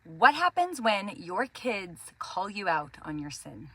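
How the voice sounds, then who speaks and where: Bright earnest Christian mom host. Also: female voice, medium pitch, very animated, slow, husky, no echo. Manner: earnest, gentle, encouraging. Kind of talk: devotional talk to camera.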